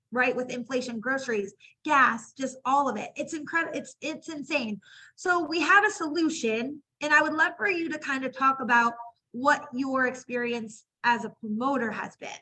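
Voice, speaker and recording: A woman hosting an interview, talking casually and in an animated way. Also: sits high, rough recording. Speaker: host.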